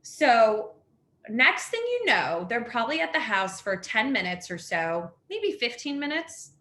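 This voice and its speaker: Woman, 30s, house fire survivor, rambling storytelling, filler-heavy, bright voice, echoey video call. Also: fairly high pitch, big pitch swings, unhurried. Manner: rambling, filler-heavy, "like" and "next thing you know". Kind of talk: personal storytelling on a webinar. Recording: echoey room.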